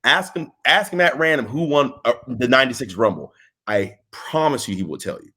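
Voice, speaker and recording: A man's voice: medium pitch, brisk, breathy edge. A man being interviewed in casual chat, telling rambling stories full of restarts and acted-out quotes. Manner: animated storyteller, rambling with restarts, acts out quotes. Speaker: interview guest, wrestling trainer.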